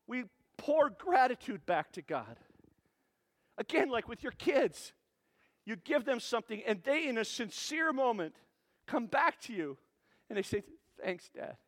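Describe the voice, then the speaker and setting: High-voiced animated male pastor preaching. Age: adult parent. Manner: animated, conversational preaching with rhetorical questions. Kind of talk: sermon.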